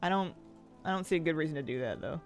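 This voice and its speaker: Woman, game streamer, casual rambling chat, fairly low voice, some vocal fry. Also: lively intonation, fast talker, soft background music. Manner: chatty and rambling, thinks aloud, laughs easily. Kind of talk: casual live-stream chat while gaming.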